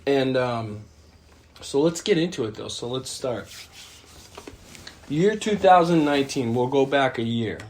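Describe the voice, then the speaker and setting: A man's voice: medium pitch, expressive, unhurried, long pauses, slight background noise. A man hosting a casual podcast chat, telling stories in a loose, rambling way with trailing restarts. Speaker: podcast host.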